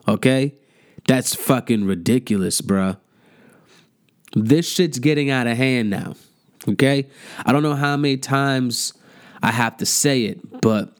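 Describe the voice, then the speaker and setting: A young man ranting in a mocking, profane comedic monologue, jumping into high incredulous outbursts. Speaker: comedic commentator.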